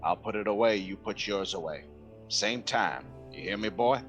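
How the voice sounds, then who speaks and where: A man doing a gruff old Irish caretaker. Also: fairly low pitch, moderate pace, fairly bright tone, highs cut off, faint music behind, close to an everyday voice. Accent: Irish (put on). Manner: gruff, folksy, stern. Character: gruff older male university caretaker, protective.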